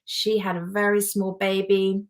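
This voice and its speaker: A woman's voice: medium pitch, completely flat delivery, measured pace. A woman, a life coach giving a heartfelt, personal motivational talk to a live audience. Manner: heartfelt, emotional, warmly personal.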